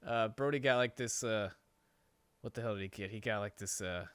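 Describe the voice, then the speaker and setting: A man's voice: lowish voice, fairly quick, clear, resonant tone, no echo. A man telling a story on a podcast in a casual, rambling way, swearing and laughing often. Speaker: podcast host. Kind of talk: casual chat.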